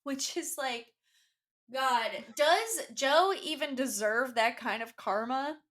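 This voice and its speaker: A young woman co-hosts a book podcast with a wry, irreverent humor. Her voice sits fairly high, and she talks in a relaxed, casual way. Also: takes it slowly. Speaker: podcast co-host. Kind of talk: casual book-recap chat.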